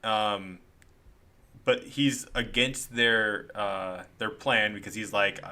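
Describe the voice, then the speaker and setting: Guy cohosting a comics podcast, laughs a ton, retells scenes doing the lines, bright sharp voice. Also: fairly low pitch, steady tone, slow pace. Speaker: podcast co-host. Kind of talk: casual chat recapping comics.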